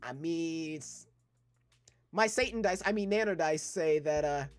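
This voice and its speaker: Over soft background music, a young adult streamer casually narrates a let's play, reading dating game text aloud in an unhurried, medium-pitched voice and riffing on it with swearing and laughs.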